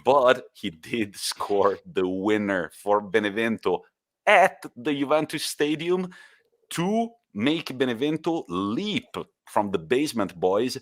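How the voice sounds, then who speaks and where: A man co-hosting a podcast, telling football stories in a lively way with laughs and the odd swear word. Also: mid-range voice, takes it slowly. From Italy. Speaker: podcast co-host. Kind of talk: casual football chat.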